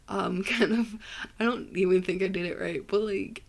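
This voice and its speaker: A woman's voice: medium pitch, fairly even intonation, normal speed. A young woman from Ohio hosting a casual solo podcast, sleepy and tired, rambling in a self-deprecating way with many fillers. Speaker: podcast host.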